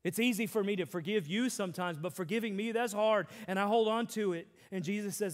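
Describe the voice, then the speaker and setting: A middle-aged man preaching a sermon as pastor, swinging between loud emphasis and hushed, quiet passages. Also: sits high, fairly quick, few pauses. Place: large church hall. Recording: long hall reverb.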